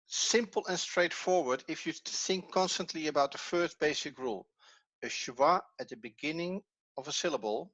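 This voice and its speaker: A man teaching a lesson, speaking haltingly as he works with a board. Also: medium pitch, fairly bright tone, dry recording. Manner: halting, with fillers and restarts. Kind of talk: lecture.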